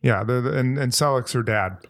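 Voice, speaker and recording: A man's voice: medium pitch, a little fast. A man co-hosting a podcast, chatting in a playful, laughing way. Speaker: podcast co-host. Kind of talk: casual chat.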